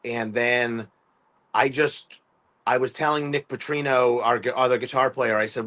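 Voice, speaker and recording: A man's voice: mid-range voice, steady tone, moderate pace, bright, forceful tone. Rambling man musician. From US East Coast. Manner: rambling, many fillers and restarts, acts out quoted voices. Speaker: musician guest. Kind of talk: casual conversational storytelling.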